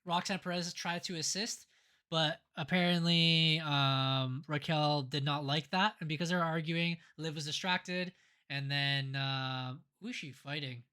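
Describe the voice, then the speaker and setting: Podcast co-host, bright tone, rambling casual recap with lots of restarts. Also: mid-range voice, steady tone, unhurried, clear, resonant tone. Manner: rambling, with many fillers and restarts. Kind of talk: casual wrestling recap chat.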